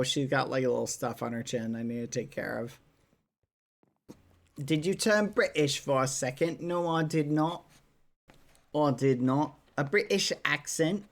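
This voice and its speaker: A man's voice: mid-range voice, fairly bright tone. A man streaming casually, chatting to viewers while coaxing his dog. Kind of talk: casual livestream chat.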